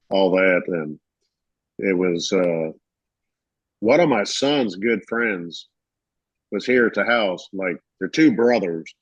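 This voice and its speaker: A man's voice: lowish voice, dry recording. A middle-aged man, a podcast co-host in casual chat, who tells stories and acts out the voices in them. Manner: storytelling, acts out quoted voices. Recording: dull lo-fi dry sound.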